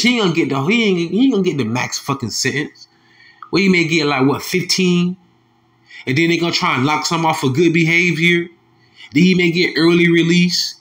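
A heated male preacher, who reads scripture in a low, slow voice and then breaks into angry, mocking street talk. He curses freely and scoffs as he preaches. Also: a bit bright. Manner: heated, profane, mocking, drops to low tones reading verses. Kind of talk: scripture commentary with angry asides.

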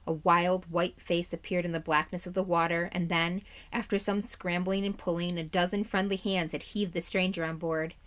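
A woman, a third-grade teacher, reading a chapter book aloud in a steady, measured way. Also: on the low side.

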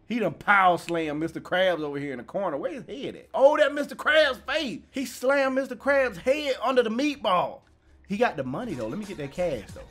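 A young man casually commenting on a horror game, slangy and jokey, yelping when startled and mumbling low when nervous. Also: a bit bright. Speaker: gaming YouTuber. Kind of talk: casual let's-play commentary.

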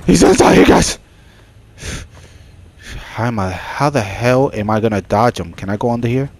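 A man giving casual let's-play commentary on a horror game, excitable and jokey, with frequent startled exclamations. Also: lowish voice, fairly quick, no room sound. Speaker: gaming channel host.

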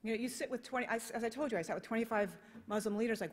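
American woman doing a keynote, kinda high voice, all fired up and emphatic, big echoey hall. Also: expressive, very fast, hardly any pauses. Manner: passionate, emphatic, rhetorical questions. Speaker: keynote speaker. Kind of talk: conference keynote speech. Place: conference hall. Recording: long reverb of a conference hall.

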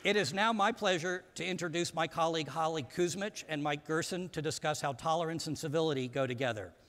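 A man delivering a prepared speech from a stage in a measured, formal manner, introducing a panel at a conference. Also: a little high, fairly bright tone, a little hiss or hum. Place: large conference hall. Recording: reverberant hall.

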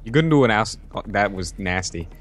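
A man's voice: fairly low pitch, animated, fairly quick. A man chatting through an online game with a friend, joking and swearing, now and then slipping into silly voices. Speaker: gaming YouTuber. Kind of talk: casual gaming banter.

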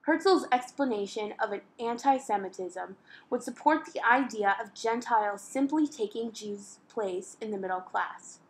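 A woman's voice: a little high, normal speed, rough recording. A woman narrating a school history project in an earnest, read-aloud way.

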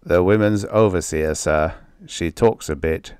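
A man voicing a steady, deferential male mine foreman who speaks plainly and respectfully. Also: low-pitched, a little slow, clean tone, no echo, clean studio sound. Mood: matter-of-fact. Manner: plain, respectful, matter-of-fact.

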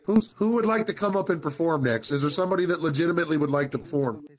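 A man's voice: fairly high pitch, quick pace. A man emceeing an open mic in a brash, sarcastic, swearing manner. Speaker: open-mic emcee in a virtual chat room. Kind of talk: casual emcee banter. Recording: crowd chatter behind.

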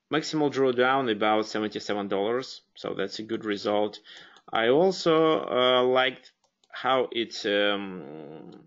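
A man's voice: fairly low pitch, fairly bright tone, dull audio. A man with a Russian accent hosting a live webinar, speaking hesitantly with many fillers and restarts. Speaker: webinar host.

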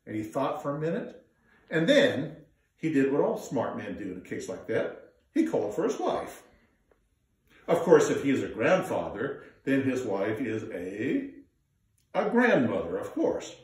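A man telling a folk tale in an animated, drawn-out way, coaxing listeners to join in, heard in an echoey room from a distance. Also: mid-range voice. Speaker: storyteller. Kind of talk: live folk storytelling with audience participation.

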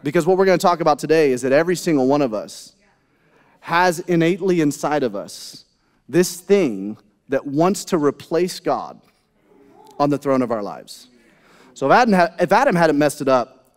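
A man preaching a sermon as pastor, conversational, with rhetorical questions and asides to the congregation. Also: fairly high pitch. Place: church sanctuary. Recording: long hall reverb.

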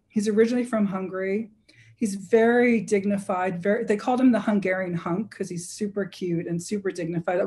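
Mellow-voiced woman telling war stories. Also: mid-range voice. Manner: energetic storyteller with frequent self-corrections. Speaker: author being interviewed. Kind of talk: lively anecdotal storytelling.

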